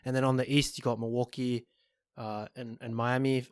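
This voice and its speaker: A man co-hosting a sports podcast, talking in a measured way with frequent pauses and restarts. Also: medium pitch, level tone, smooth, dry recording, studio quality. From Australia. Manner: measured, hesitant, lots of ums and restarts. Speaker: podcast co-host. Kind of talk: casual chat.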